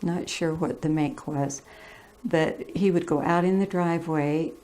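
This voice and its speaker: A woman's voice: low-pitched, fairly even intonation, measured pace, dark tone. A woman in her eighties fondly recalling family life in a chatty manner. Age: 80s. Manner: fond, chatty, laughing. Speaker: family elder interviewee. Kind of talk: oral history reminiscence.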